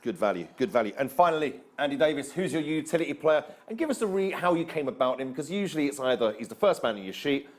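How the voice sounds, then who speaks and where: A man hosting a sports panel discussion, lively and quick as he puts questions to guests. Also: on the high side. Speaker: host.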